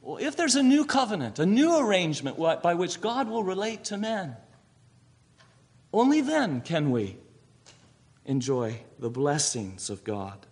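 A man's voice: high voice, animated, measured pace, husky. A man preaching a sermon, asking rhetorical questions and answering them himself.

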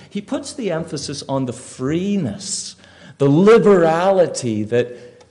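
A pastor preaching a sermon, telling a story emphatically with rhetorical questions. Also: male voice, mid-range voice, darkish tone.

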